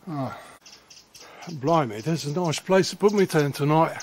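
A man's voice: a little high, expressive, moderate pace, a little mellow. A man rambling through a walking tour vlog of castle ruins in a forest, muttering asides and slang, recorded on a handheld camera outdoors. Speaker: travel vlogger. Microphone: handheld camera mic.

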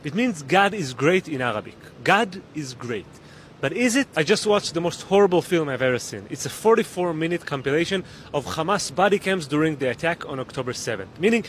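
Lively high-voiced man, emphatic monologue. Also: a little hiss or hum. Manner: emphatic, rhetorical questions. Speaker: video creator. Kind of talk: scripted opinion monologue.

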